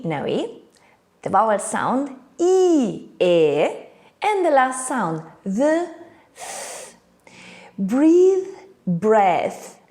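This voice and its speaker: A woman's voice: on the high side, darkish tone. A woman, not a native English speaker, teaching an online English lesson in a playful way with little acted scenes.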